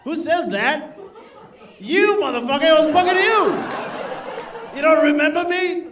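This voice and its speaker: A man's voice: very high voice, lively intonation, a little slow, noisy background. A male stand-up comedian doing a crude, brash set in a comedy club, laughing at his own jokes. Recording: distant stage mic, loud crowd. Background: audience laughter.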